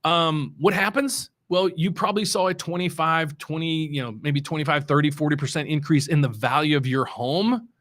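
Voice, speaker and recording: A middle-aged West Virginia man hosts his show as a mortgage loan officer, talking about the market casually and without a script. His voice is a little high and a bit bright, at normal speed. He speaks loosely and ramblingly, with many restarts and strong stress on key words.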